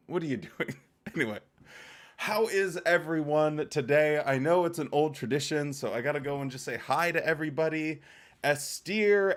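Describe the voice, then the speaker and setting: Casual male livestreamer greeting chat. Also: fairly high pitch. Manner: greets chat viewers by name, rambling and jokey. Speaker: livestream host.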